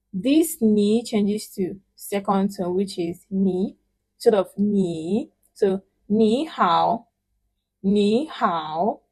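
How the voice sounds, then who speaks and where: A woman's voice: mid-range voice, darkish tone. A woman teaching a spoken language lesson, patiently repeating words and stretching out syllables so learners can echo her. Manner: models pronunciation with emphatic, drawn-out syllables.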